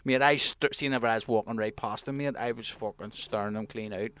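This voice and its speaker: A man's voice: lowish voice, fast talker, a bit bright, slight background noise. A Northern Irish man co-hosting a casual podcast, laughing often and swearing as he tells eager stories. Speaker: podcast co-host. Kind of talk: casual chat.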